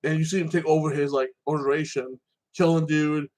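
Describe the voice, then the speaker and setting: Male reviewer, higher-pitched voice, rambling casual recap, heavy on fillers. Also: fairly even intonation, fairly quick, darkish tone. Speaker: TV and anime reviewer.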